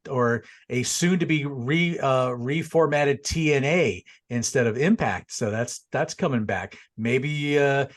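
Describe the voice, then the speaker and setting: A man hosting a casual music and wrestling review show, talking in a rambling, laid-back way with frequent restarts. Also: fairly high pitch. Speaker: show host.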